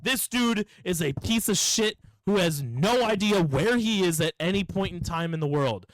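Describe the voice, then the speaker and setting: Young man, podcast co-host, slightly drunk, profane rant, higher pitch, dry room. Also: expressive, moderate pace, no echo, rough recording. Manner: profane, ranting, acts out quoted people. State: tipsy. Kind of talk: casual podcast chat.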